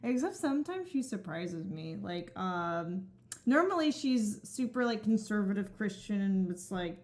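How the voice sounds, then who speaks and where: A young woman in a casual group chat, relaxed and wry. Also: medium pitch, unhurried.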